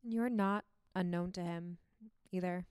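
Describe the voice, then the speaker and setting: A woman's voice: fairly low pitch, steady tone, unhurried, darkish tone, clear, resonant tone, dry recording, clean studio sound. A young woman talking on a faith podcast, heartfelt and emotional, with lots of "um" and "like". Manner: heartfelt, emotional, many fillers like "um" and "like". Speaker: podcast co-host.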